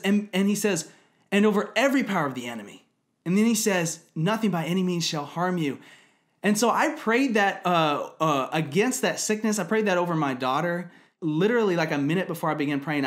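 Earnest man with a higher voice, chatty faith teacher, lots of "um" and restarts. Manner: earnest, conversational, many fillers and restarts. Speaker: Christian video teacher. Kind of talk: personal devotional teaching to camera.

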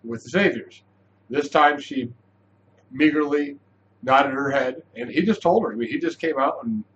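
A man giving a casual, animated spoken review of a TV episode, chatty, with frequent restarts. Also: on the high side, highs cut off.

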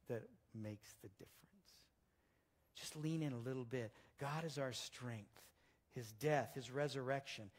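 A man's voice: mid-range voice, in a large hall. A male pastor preaching a sermon, telling stories in a conversational way with frequent restarts. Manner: storytelling, conversational, with many restarts. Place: church sanctuary.

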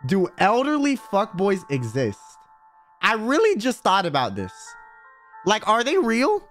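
Hyper guy streamer ranting n swearing, bouncy highish voice, quiet music in the back. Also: unhurried. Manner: animated, loud, swears casually, bursts into laughter. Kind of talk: casual game stream chatter.

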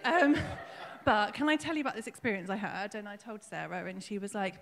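A woman giving a personal testimony at her own baptism in church, emotional and tearful, halting with fillers as she speaks. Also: medium pitch, animated, gravelly, fairly bright tone. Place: church hall. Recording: long hall reverb.

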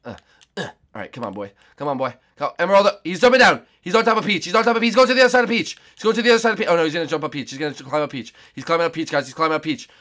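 A young man giving let's play commentary on a game, excitable and often shouting and squealing. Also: a little high, racing. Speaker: gaming YouTuber.

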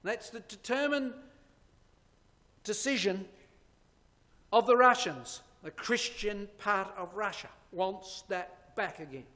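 Fairly high-voiced man preaching in a reverberant hall. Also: slow pace, pauses often, sharp tone. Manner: emphatic, points at slides, asks rhetorical questions. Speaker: Bible prophecy lecturer. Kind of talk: sermon-style lecture with slides.

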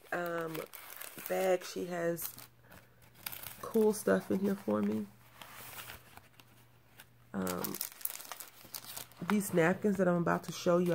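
A woman's voice: on the low side, creaky, a little mellow, a little hiss or hum. A woman in her thirties showing off crafting mail in a casual show-and-tell, gushing and repeating her praise. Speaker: crafting channel host.

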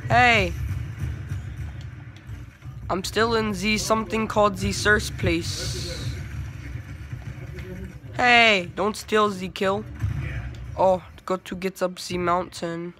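Brief: male streamer, high bright voice, excitable trash talk over gameplay. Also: slow, long pauses, soft background music. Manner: excitable, trash-talking, yelling outbursts. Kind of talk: live gameplay commentary.

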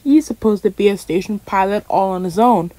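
A woman's voice: medium pitch, fairly quick, dark tone, no echo, close to an everyday voice, rough recording. A woman voicing a friendly male tank engine with a raised, eager delivery. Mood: protesting.

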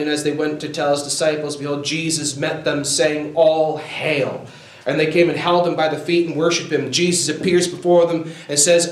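Guy preaching hard, kinda high voice, quotes scripture a lot, echoey room. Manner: preaching with rising fervor, quoting scripture. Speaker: pastor. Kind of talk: sermon.

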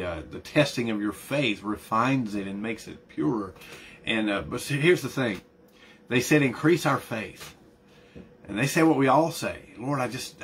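A man's voice: lowish voice, creaky, slight background noise. A middle-aged man preaching a conversational sermon as pastor, often repeating words and building emphasis.

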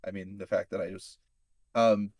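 A man's voice: low-pitched, flat delivery, normal speed, darkish tone, dry recording. A man playing a tabletop role-playing game, talking hesitantly with many fillers. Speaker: player. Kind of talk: casual tabletop role-play.

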